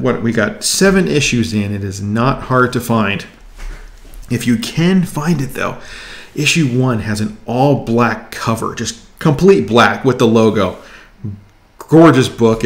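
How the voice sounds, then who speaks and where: A man casually reviewing his weekly comic haul, enthusiastic and excitable. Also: medium pitch, echoey room.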